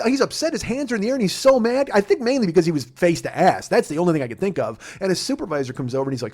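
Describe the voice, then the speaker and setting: A man's voice: high-pitched, big pitch swings, quick pace, few pauses. Profane, exasperated storytelling man. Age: 40s. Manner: profane, exasperated, swings between muttering and shouting. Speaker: podcast host. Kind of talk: storytelling monologue.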